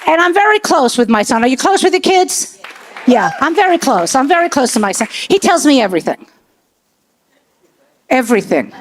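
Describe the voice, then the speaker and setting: A woman's voice: sits high, big pitch swings, moderate pace, long pauses, a little hiss or hum. A woman doing profane stand-up comedy with crowd work on a comedy club stage. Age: 60s. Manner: brash, profane storytelling. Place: comedy club stage before a live audience.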